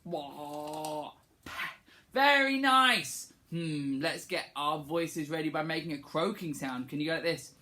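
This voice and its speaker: A music teacher leading young children through a playful singing warm-up, encouraging them and demonstrating the sounds to copy. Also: mid-range voice, steady tone, moderate pace, few pauses, a little hiss or hum.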